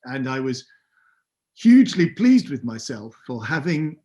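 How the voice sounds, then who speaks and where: A man's voice: mid-range voice, sing-song, measured pace, warm tone. A man in his fifties, a podcast guest telling a wry, self-deprecating story. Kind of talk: anecdotal storytelling.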